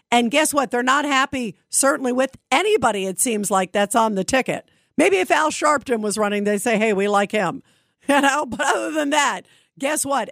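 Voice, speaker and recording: A woman's voice: high voice, no echo, studio quality. A woman hosting a talk radio show, delivering an opinionated monologue in an emphatic, indignant way with rhetorical questions.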